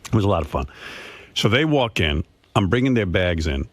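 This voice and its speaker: A man's voice: low voice, big pitch swings, brisk, no echo. Male radio host telling a story, emphatic and repetitive, dry studio sound. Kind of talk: casual talk radio storytelling.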